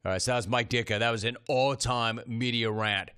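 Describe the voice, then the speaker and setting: A sports radio host, a man with a bright, forceful voice, tears through the day's stories in a brash, excitable rush. He speaks into a studio microphone in energetic sports talk. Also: mid-range voice, clear, resonant tone, dry recording. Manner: brash, excitable, quick commentary.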